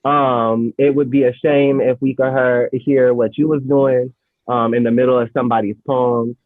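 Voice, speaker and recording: A man's voice: medium pitch, little pitch movement, normal speed. A man hosting a poetry slam over a video call and reciting a poem, playful and full of slang, laughing often. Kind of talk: casual hosting and performance poetry. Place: home, remote video call. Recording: tinny lo-fi video-call audio.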